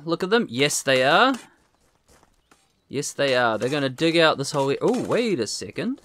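A man's voice: a little high, a bit bright, a little hiss or hum. A man giving casual, rambling gameplay commentary, talking to himself and making fun of his own skill. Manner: rambling, self-deprecating, talks to himself. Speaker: let's play host.

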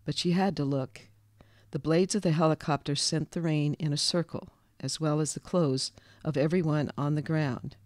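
A man reading a local history story aloud in a calm, measured scripted narration. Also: on the high side, no room sound, clean studio sound.

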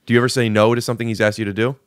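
A man's voice: medium pitch, level tone, very fast, no echo, clean studio sound. A man hosting a podcast who interviews his guest, often stopping and restarting his questions. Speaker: podcast host. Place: podcast studio.

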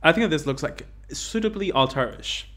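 A man's voice: on the high side, animated, fairly quick, fairly bright tone. Playful man hosting a casual stream. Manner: playful, laughs often, speaks some Italian. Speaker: game master and level builder.

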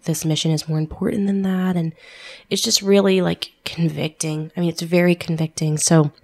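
A woman's voice: on the low side, flat delivery, normal speed, gravelly, a little mellow. A woman, a missionary guest in an interview, speaking in a reflective, hesitant way. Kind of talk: conversational interview.

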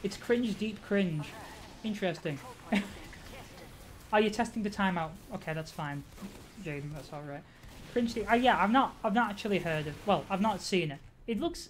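A woman live-streaming a game, chatting casually with her viewers, reacting out loud, swearing and laughing often. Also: mid-range voice. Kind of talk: casual gaming commentary.

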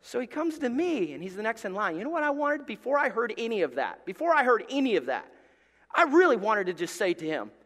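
A man from Alabama with a Southern accent, preaching a sermon in a church and telling a story, moving from hushed tones to loud bursts. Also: sits high, fairly quick, in a large hall. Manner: animated, swings from hushed to loud, acts out voices. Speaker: pastor. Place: church sanctuary.

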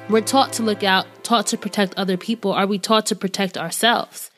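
A woman's voice: medium pitch, steady tone, moderate pace, hardly any pauses, fairly bright tone, soft background music. A woman hosting a motivational podcast, talking in an earnest, encouraging and conversational way, with frequent fillers like "right" and "like". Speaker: podcast host.

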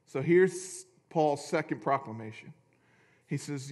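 Man pastor, fairly high voice, sermon in church, lively and jokey, reads scripture aloud. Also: normal speed.

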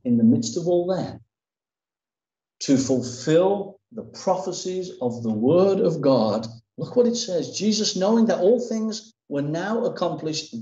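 A man's voice: fairly high pitch, dark tone, roomy sound, highs cut off. A man preaching a sermon as pastor, emphatic and dramatic in his delivery. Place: church.

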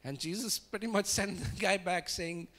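A man preaching in a conversational, relaxed way, chuckling and searching for words as he talks. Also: sits high, moderate pace. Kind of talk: conversational sermon.

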